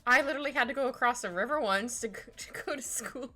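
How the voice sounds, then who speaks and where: A woman's voice: on the high side, fast, pushed and bright. A young woman art streamer chatting casually and giggling while she draws. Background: faint background music.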